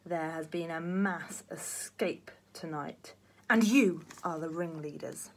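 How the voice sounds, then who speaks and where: A woman's voice: low-pitched, slow, slight background noise. A woman voicing a cruel, menacing matron, sneering and commanding, in a storybook reading.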